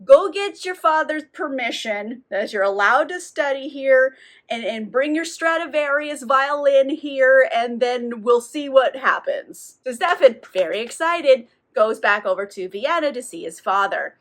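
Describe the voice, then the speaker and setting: High bright woman, sarcastic book recap, casual and profane. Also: animated, unhurried. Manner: sarcastic, profane, filler-heavy. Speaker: book reviewer.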